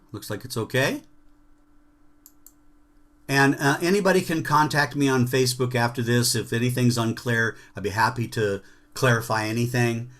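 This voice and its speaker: A man's voice: mid-range voice, fairly bright tone. A man leading an online jazz workshop, chanting rhythm syllables and checking in with students over a video call.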